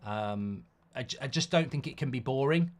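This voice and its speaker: A man's voice: mid-range voice, lively intonation, normal speed. A middle-aged man, hosting a live football watchalong in a chatty way and reading out viewer comments. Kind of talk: casual live-stream chat.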